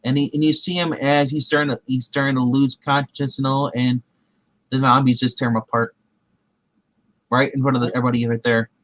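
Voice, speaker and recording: A man recaps a TV episode as a show host, his medium-pitched voice level in tone, fairly quick and fairly bright, recorded without echo. He rambles casually, stumbling through fillers and restarts while acting out what the characters say.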